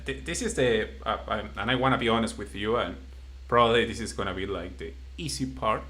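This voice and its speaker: A man's voice: lowish voice, brisk, fairly bright tone. Man teaching patiently. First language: Spanish. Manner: patient, encouraging, repeats praise. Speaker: Spanish teacher. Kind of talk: casual one-on-one language lesson.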